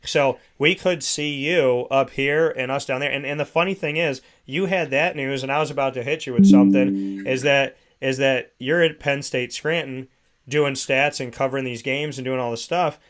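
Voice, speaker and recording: A man's voice: mid-range voice, fairly even intonation, moderate pace. A man hosting a radio talk show, chatting with a guest in a joking, conversational way. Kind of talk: casual radio chat.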